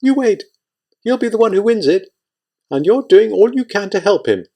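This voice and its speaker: A man reading an audiobook, voicing a worried, sharp-tongued middle-aged wife in a raised, tense pitch. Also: animated, normal speed. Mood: needling.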